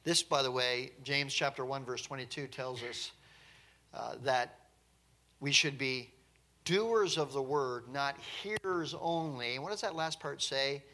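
A man's voice: medium pitch, measured pace, sharp tone. A man preaching a sermon in a conversational, emphatic way, with light chuckles now and then.

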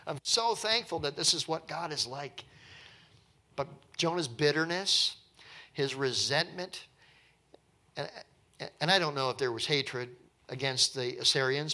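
A man preaching a sermon in a conversational, animated way with wry asides, at an evening church service. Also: medium pitch. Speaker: pastor.

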